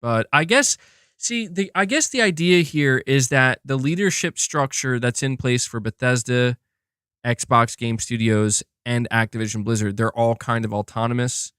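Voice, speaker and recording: A man's voice: mid-range voice, normal speed, a bit bright, clean tone, no echo, studio quality. A man hosting a live gaming stream, talking casually and thinking aloud, with lots of restarts and the odd swear.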